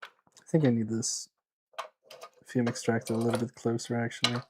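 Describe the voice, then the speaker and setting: A man's voice: medium pitch, monotone, normal speed, background noise. A man from Sweden chatting casually with his live chat while repairing electronics, often muttering to himself as he works.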